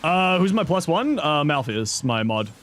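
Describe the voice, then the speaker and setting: A man's voice: fairly high pitch, sing-song, unhurried, a bit bright, slight background noise. A man in his thirties casually chatting on a game stream, answering chat with loose jokes and mild swearing. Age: 30s.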